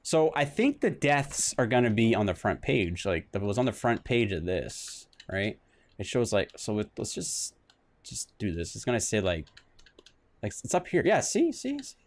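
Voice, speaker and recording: Animated, rambling male game streamer. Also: lowish voice, normal speed. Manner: rambling, self-mocking, with restarts and sudden exclamations. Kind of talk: casual let's-play commentary.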